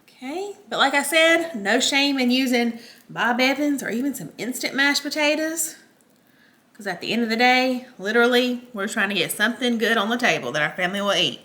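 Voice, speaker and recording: A woman's voice: fairly high pitch, lively intonation, brisk, sharp tone. A woman with a Southern US accent, hosting a casual cooking tutorial from her home kitchen in a chatty, folksy way. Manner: chatty, folksy, addresses viewers as y'all. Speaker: home cook host.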